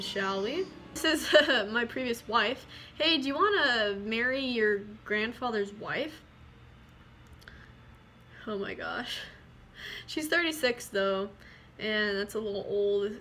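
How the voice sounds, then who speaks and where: A woman talks through a strategy game in casual commentary, chatty and loose, swearing freely and reading the on-screen text aloud. Her voice sits a little high and sounds bright and crisp, with a faint hiss in the background. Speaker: gaming video creator.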